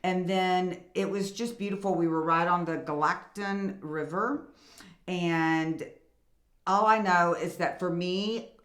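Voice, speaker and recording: A middle-aged woman chats on a podcast, telling earnest stories in a fairly low voice. The recording has a noticeably echoey, roomy sound. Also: fairly even intonation, slow pace. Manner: storytelling, chatty and earnest. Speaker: podcast co-host. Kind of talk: casual chat. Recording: echoey room.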